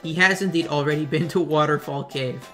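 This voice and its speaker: A man's voice: on the high side, brisk, fairly bright tone, faint music behind, natural voice. A man voicing a pompous, fussy bird who is the guild's stern assistant, talking in a haughty, emphatic way.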